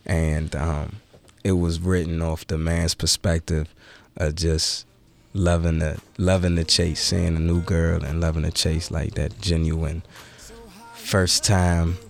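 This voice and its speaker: A man's voice: deep voice, little pitch movement, slow pace, creaky. A man guest on a radio talk show, chatting casually in a laid-back, slangy way. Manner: laid-back, slangy, repeats "you feel me". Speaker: musician guest. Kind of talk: casual radio interview chat.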